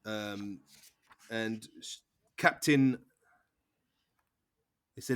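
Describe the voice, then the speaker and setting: A man's voice: medium pitch, normal speed, fairly bright tone. A man narrating as game master, rambling with fillers and restarts. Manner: rambling, lots of fillers and restarts, laughs along.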